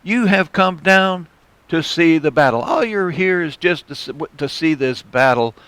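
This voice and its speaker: A scornful older brother, jealous and belittling, sneering at his younger sibling, voiced by a man reading aloud. The voice sits a bit high. The sound is dry and close. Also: expressive, moderate pace, fairly bright tone, smooth, no echo. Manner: mocking, belittling.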